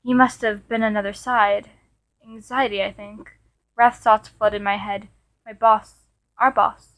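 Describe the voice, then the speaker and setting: A woman of middle pitch reading a first-person fan fiction story aloud. Her delivery is earnest and unpolished, with small stumbles and restarts. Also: little pitch movement, a little slow, fairly bright tone. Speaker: story reader.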